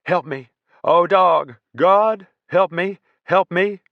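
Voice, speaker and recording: A man voicing a terrified young soldier who screams in panic, his voice pitched far above his own. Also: slow, vocal fry, no echo, narrow, tinny audio, heavily acted. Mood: panicked.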